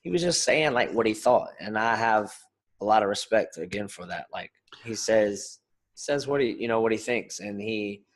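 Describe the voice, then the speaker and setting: Animated man rambling on a podcast. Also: fairly low pitch, moderate pace. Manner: animated, rambling, swears freely. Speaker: podcast co-host, fighter. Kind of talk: casual chat.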